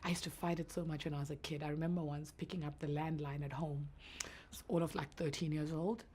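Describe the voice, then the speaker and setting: A woman in her thirties with a naturally deep voice, talking earnestly and reflectively as a guest in an interview. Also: fairly even intonation, fast talker, darkish tone, breathy edge. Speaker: entrepreneur guest. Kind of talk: emotional interview answers.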